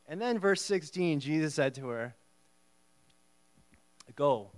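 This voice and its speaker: A man preaching a conversational sermon, reading Bible verses and acting out the dialogue in a casual, lively way. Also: a little high, takes it slowly, pauses often. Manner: conversational, animated, acts out the dialogue.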